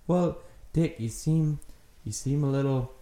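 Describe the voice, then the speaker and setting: A man, host of the show, playing a confused, rambling neighbor who keeps trying to calm someone down in an improvised comedy scene. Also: a little high, measured pace, close to an everyday voice. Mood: placating. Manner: folksy, rambling, placating. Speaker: podcast host. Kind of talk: improvised comedy role-play. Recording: echoey room.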